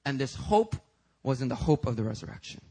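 A man's voice: medium pitch, very animated, fairly quick, mellow, slightly rough. A man preaching a sermon as pastor at a church service, pressing his point with emphatic, rising rhetorical questions.

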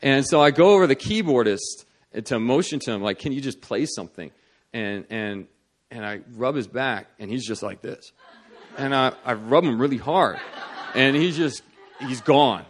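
A man preaching, telling a testimony story with laughter, moving from hushed quoted prayers to loud excited outbursts. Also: mid-range voice, normal speed.

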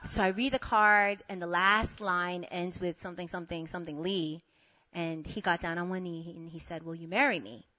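A young woman telling a personal story to her audience, animated, laughing and acting out both sides of the conversation. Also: lowish voice, moderate pace, no room sound. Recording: dull lo-fi sound.

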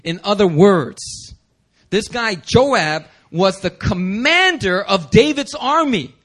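A male pastor preaching a sermon, animated and casual, slipping into slang and acting out the characters in the passages. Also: slow. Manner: animated, acts out scripture voices with big pitch swings.

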